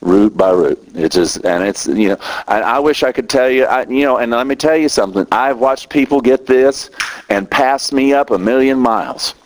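Heard on a rough recording with a little hiss or hum, a middle-aged man preaches as a minister at a moderate pace. His passion builds as he goes, pushing his pitch upward when emotion takes hold.

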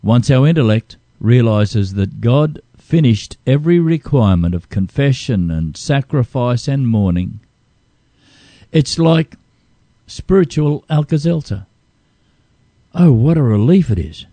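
A man co-hosts a talk show. He reads aloud in an earnest, expressive way and then asks a guest questions. His voice is mellow and warm, and the sound is dry and close. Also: medium pitch, measured pace, dry recording. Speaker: co-host. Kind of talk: reading aloud and interviewing.

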